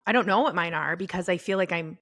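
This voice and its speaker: A middle-aged woman co-hosting a podcast, talking about her faith in a halting, tearful way. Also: lowish voice, no room sound, studio quality. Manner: tearful, halting, soft-spoken. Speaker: podcast co-host. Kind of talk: casual faith chat. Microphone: podcast microphone.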